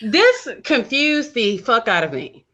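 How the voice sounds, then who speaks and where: A woman's voice: on the high side, huge pitch swings, takes it slowly, a bit bright. A woman co-hosting a podcast, chatting casually and making blunt, crude jokes about a reality show. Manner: blunt, joking commentary with crude humor. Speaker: podcast co-host.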